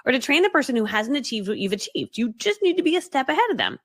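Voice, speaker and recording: Fast-talking animated woman coach. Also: sits high. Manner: fast-talking, animated, acts out quoted voices; laughs often mid-story. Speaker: business coach. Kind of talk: live storytelling talk to an online audience.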